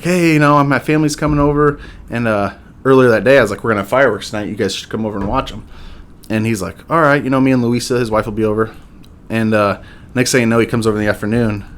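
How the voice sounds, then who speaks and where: Laughing man telling a story. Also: on the low side. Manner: laughs through stories, lively quoting of neighbors. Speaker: podcast guest. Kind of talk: casual storytelling chat. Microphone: podcast mic at a table.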